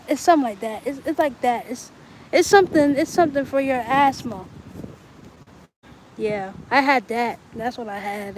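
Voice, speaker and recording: Chatty young woman, high voice. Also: poor audio. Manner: rambling, chatty, talks to viewers. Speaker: livestreamer. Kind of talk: casual livestream chat. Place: outdoors in bright sun.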